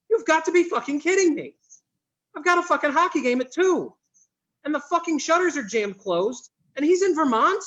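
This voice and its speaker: Guy reading stressed young clerk, fed up, cursing, high lively voice, muffled audio. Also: husky, exaggerated voice. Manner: exasperated, cursing, quick to apologize. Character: stressed young male store clerk, put-upon. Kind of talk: live script reading.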